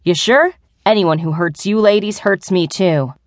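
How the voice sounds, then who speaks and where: A woman's voice: medium pitch, measured pace, no echo, close to an everyday voice. A woman narrator voicing Buddy, a swaggering, slang-talking male coworker, in an audiobook. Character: laid-back swaggering young man coworker.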